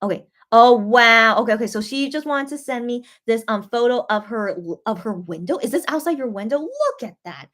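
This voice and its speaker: A woman's voice: a little high, fairly quick, hardly any pauses, a bit bright. A woman hosting a casual livestream, chatting in a rambling, gushing way and reading viewer comments aloud. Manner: gushing and easily moved. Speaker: host.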